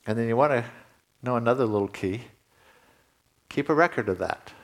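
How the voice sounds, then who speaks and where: A man delivers a sermon in a church in a relaxed, talking-to-you manner. His voice sits in a middle register and climbs with emphasis when he drives a point home. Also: medium pitch, moderate pace. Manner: conversational preaching, rising emphatically at key points. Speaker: pastor.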